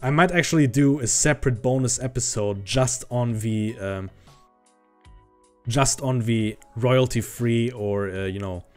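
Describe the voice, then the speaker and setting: A man's voice: medium pitch, measured pace, a little mellow. A man chatting on a livestream in a casual, profane, ranting way that grows heated. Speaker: streamer. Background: faint background music.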